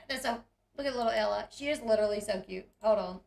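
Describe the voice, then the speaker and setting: A woman's voice: mid-range voice, fast, gravelly, a little mellow, echoey room. A woman, retelling reality TV scenes in a chatty, giggly way and acting out the quotes. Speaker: recap host. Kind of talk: casual reality TV recap.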